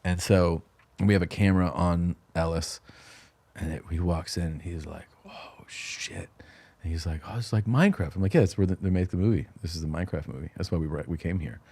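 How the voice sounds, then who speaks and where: A man guest telling a casual, animated story, acting out quoted dialogue and laughing often. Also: low voice, moderate pace. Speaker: guest comedian.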